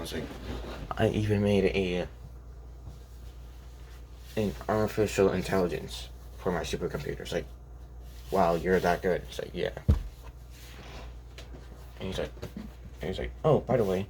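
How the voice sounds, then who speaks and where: Low-voiced young man rambling through a fan story. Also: vocal fry, a little mellow, a little hiss or hum. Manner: rambling, restarts, keeps quoting lines with "it's like". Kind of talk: improvised fan story narration.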